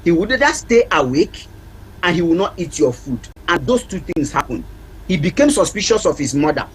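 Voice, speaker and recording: A man with a fairly high voice, talking as a parenting counselor on a TV talk show. He speaks earnestly and stresses his points by saying them again. A faint hiss sits under his voice. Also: sing-song, brisk, rough recording. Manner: earnest, emphatic, repeats key points to drive them home. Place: TV studio.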